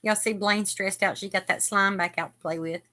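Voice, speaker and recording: Bright-voiced woman chatting live. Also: medium pitch, steady tone, normal speed. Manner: chatty, reads viewer comments aloud while crocheting. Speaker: host. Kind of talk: casual live chat.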